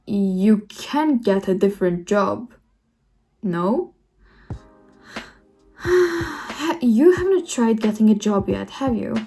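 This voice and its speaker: A woman's voice: medium pitch, lively intonation, slow pace, long pauses, mellow, breathy edge, heavily acted. A woman voicing a chatty young woman who works as a civil servant, talking in a frank, matter-of-fact way. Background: faint music.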